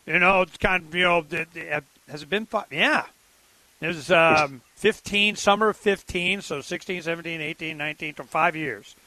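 High, bright-voiced talk radio man. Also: dry recording. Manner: rambling, halting, with many restarts. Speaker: radio show co-host. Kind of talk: casual political talk radio chat.

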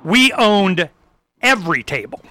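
A man hosting a talk show, delivering a rambling, fired-up rant with sudden loud, emphatic bursts. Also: high voice, very animated, measured pace, no echo. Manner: loose and rambling, with restarts. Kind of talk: ranting talk show monologue.

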